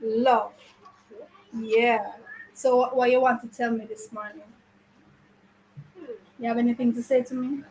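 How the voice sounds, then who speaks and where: A woman's voice: fairly high pitch, little pitch movement, moderate pace, long pauses, darkish tone, slight background noise, poor audio. A woman teacher, chatting playfully with her pupils in a classroom and teasing them with questions. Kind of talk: casual chat with pupils.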